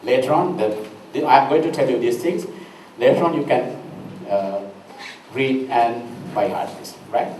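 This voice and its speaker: A man's voice: medium pitch, measured pace, a little mellow, roomy sound, far from the mic, slight background noise, low-quality recording. A middle-aged man with a Sri Lankan accent, teaching a class and giving advice with many tag questions like "right?" and "you know".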